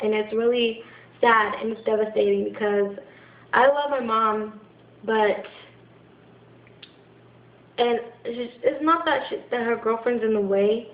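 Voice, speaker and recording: Frustrated young woman venting in an echoey room. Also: fairly high pitch. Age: young adult. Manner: frustrated, halting, many restarts and fillers. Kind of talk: venting to camera. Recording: echoey room, dull lo-fi sound.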